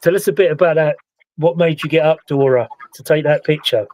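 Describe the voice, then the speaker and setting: A man's voice: on the high side, fairly quick, dry recording, poor audio. Chatty British man, dry close sound. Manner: relaxed, chatty, recounts events at length. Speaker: paranormal investigator and show host. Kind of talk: casual live-stream chat.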